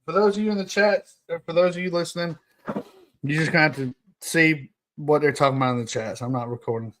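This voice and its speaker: A man's voice: fairly high pitch, steady tone, fast talker, a bit bright, a little hiss or hum. A young man hosting a casual solo podcast, reading notes aloud and joking with his live chat, laughing often. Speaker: podcast host.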